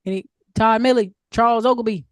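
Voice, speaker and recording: A woman's voice: on the high side, fairly even intonation, brisk, no room sound. A woman answering questions in a casual group coaching session, chatty and full of fillers, repeating her points for emphasis. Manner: upbeat advice-giving, repeats points for emphasis. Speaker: mastermind group speaker. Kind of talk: casual Q&A coaching on an online call.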